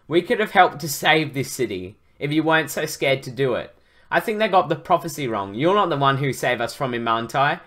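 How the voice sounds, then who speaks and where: A man's voice: a little high, lively intonation, brisk, a bit bright. Brief: man reading a reproachful female beast, stern.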